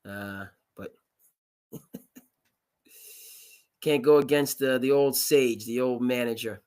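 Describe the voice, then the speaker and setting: A man's voice: medium pitch, slow pace, smooth. A male sports show host talking casually in a middle-range voice. He rambles, restarts sentences and leans on fillers as he riffs on the games. It has the loose feel of a live broadcast. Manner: rambling, filler-heavy, animated.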